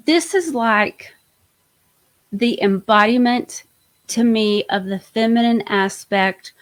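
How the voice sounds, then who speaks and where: A woman's voice: a little high, takes it slowly. A woman hosting a live-stream tarot reading, chatty and enthusiastic, often trailing off and restarting her sentences. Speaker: host, tarot reader.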